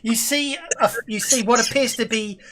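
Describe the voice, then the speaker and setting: High-voiced man narrating a tabletop game. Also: sharp tone, slight background noise. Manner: halting, many fillers and restarts. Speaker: game master.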